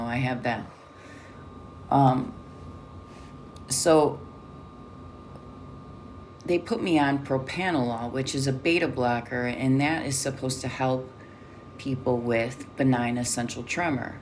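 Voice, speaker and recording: Casting note: woman with a very deep voice, blunt and profane, candid personal storytelling. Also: a little hiss or hum. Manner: blunt, swears often. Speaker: vlogger.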